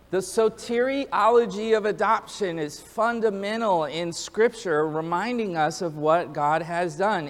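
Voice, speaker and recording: A male pastor preaching a sermon in an earnest, animated way, rising to emphatic peaks and acting out quotes as he tells a story. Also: sits high, long reverb tail.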